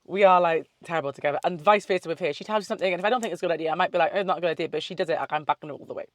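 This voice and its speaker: A woman's voice: on the low side, very fast, no echo. A young woman, chatting casually to camera, swearing freely and wandering off on tangents. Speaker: vlogger. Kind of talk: casual chat.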